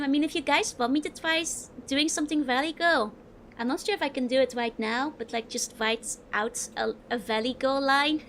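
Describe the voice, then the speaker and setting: A young woman from the Netherlands with a clear Dutch accent, streaming a game. Her voice sits high, and she chats loosely with viewers and giggles often between remarks. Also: fairly bright tone, a little hiss or hum. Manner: giggly, chatty, answering chat while playing. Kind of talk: casual game-stream chat.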